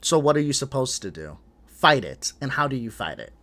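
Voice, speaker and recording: Animated, exasperated man reacting to clips. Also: mid-range voice, brisk. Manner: frustrated, swearing, animated, laughs in between. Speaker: reaction video host. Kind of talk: casual reaction commentary.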